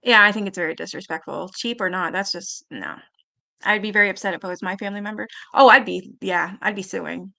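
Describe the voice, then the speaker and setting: Woman host, casual live-stream chat, gravelly edge, bright tense tone, chatty asides. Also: medium pitch. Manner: chatty, animated, quick asides and little laughs. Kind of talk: casual live-stream chat, reading viewer comments aloud.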